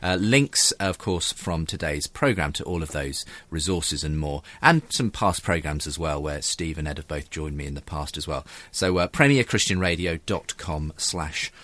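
A man's voice: very deep voice, expressive, normal speed, hardly any pauses, fairly bright tone, no room sound. A man hosting a radio show, reading listener emails aloud with frequent "uh" fillers. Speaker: radio host. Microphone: studio microphone.

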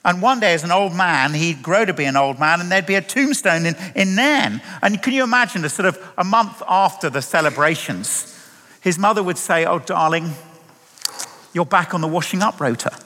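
A man preaches with a high, bright voice that rises and falls dramatically. He leans into emphatic rhetorical questions. Long reverb from the hall trails behind every phrase. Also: expressive, normal speed. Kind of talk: sermon.

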